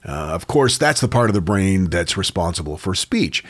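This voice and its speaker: A man co-hosting a casual podcast, walking a listener through strange facts like a storyteller. His pitch moves a lot, rising and dipping as he talks. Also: very animated, normal speed, few pauses, breathy edge. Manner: storytelling, presenting odd facts. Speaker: podcast co-host. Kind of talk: casual chat.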